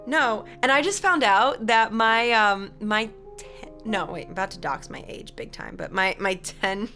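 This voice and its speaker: A young woman streamer chatting casually with her live chat, rambling and animated, laughing often and reading messages aloud. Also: medium pitch, moderate pace, soft background music. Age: young adult.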